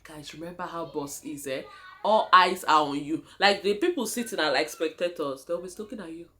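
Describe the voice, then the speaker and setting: Speaking a little fast in a low, fairly bright voice, this young woman vlogs with a Nigerian accent. She shares a relaxed story with her audience, addressing them as "guys" and laughing frequently.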